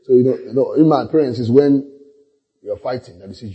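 A man's voice: mid-range voice, expressive, a little fast, breathy edge, highs cut off. A middle-aged man, preaching a sermon through humorous personal stories, laughing often and acting out the voices of people in them. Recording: long echo of a large hall.

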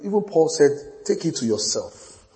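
A man preaching a sermon, telling stories with quoted dialogue and building to shouts. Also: a little high, sing-song, unhurried, a little hiss or hum. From Nigeria. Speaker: pastor. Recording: long hall reverb.

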